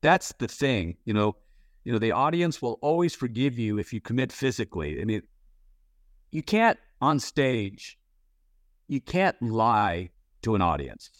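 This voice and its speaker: A man's voice: medium pitch, very animated, a little slow, no echo, clean studio sound. A man giving acting advice in a casual interview, rambling and full of restarts. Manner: candid, swears casually. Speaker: interviewer, playwright and actor.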